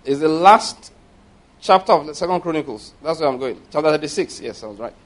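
A man preaching a sermon, emphatic and questioning, reading scripture aloud slowly and forcefully. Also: a little high, expressive. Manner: emphatic, rising and falling with stress, asks the congregation questions.

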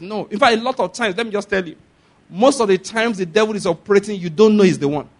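A man preaching a sermon, often pausing to ask the congregation if they follow his point. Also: high voice. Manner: repeats rhetorical questions to the congregation. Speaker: pastor.

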